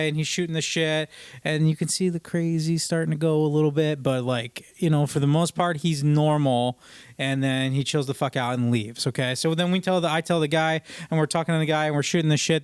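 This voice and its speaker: A man's voice: a little high, clean tone, no room sound, clean studio sound. Profane, rambling male podcast host. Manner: profane, rambling, animated retelling with acted-out quotes. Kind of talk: casual storytelling monologue.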